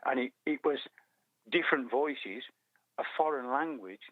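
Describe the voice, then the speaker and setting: A man's voice: medium pitch, unhurried, no echo. Older Black Country man on a tinny phone line. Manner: eager, rambling storytelling. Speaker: guest runner. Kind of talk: phone-in radio chat. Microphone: telephone.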